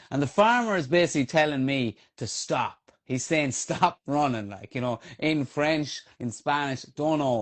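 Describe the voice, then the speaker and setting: A man with an Irish accent, a trail runner on a podcast, telling a race story in a lively, casual way with many fillers and swearing. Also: medium pitch.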